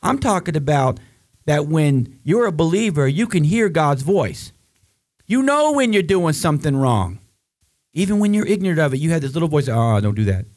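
A man preaching a sermon with fervent rhetorical questions, his voice rising high to drive points home. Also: expressive, moderate pace, a little mellow.

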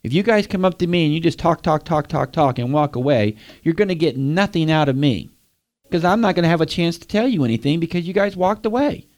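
Preaching directly to his listeners, a man asks them questions as he goes. His fairly high, slightly mellow voice has lively intonation and moves a little fast.

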